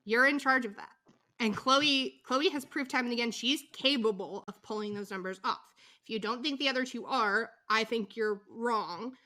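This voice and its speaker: A woman's voice: on the high side, moderate pace, bright, forceful tone. A middle-aged woman co-hosting a casual podcast, telling the story animatedly with acted-out quotes. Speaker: podcast co-host.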